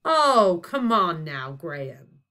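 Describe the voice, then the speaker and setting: A woman voicing a huge, booming god posing as a dad, with an American accent. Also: sing-song, measured pace, pushed and bright, heavily acted. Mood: stern.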